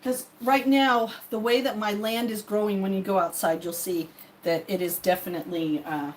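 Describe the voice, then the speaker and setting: A woman's voice: mid-range voice, fairly even intonation, moderate pace, a little hiss or hum. A woman chatting casually on a live stream while she cooks, greeting viewers by name and laughing often. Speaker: livestreaming cooking vlogger.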